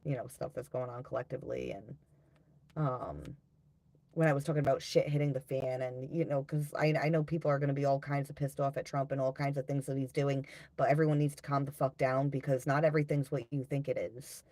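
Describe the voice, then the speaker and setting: A woman in her thirties with a low voice hosts a casual livestream tarot reading. She talks bluntly, swears freely and breaks into laughter often, reading chat comments aloud. The sound is dry and close. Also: steady tone, brisk, warm tone, no room sound. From United States. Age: 30s.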